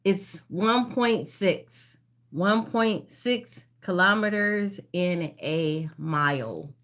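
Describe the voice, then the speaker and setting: A woman hosting a casual live-stream trivia game. She reads each question slowly, repeats it, and greets viewers by name. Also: lowish voice. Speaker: livestream trivia host.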